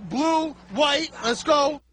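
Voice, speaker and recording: A man being interviewed on the street as a football fan, shouting crude boasts and chants. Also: very high voice, slow pace. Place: outdoors among a loud crowd. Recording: loud crowd and street noise.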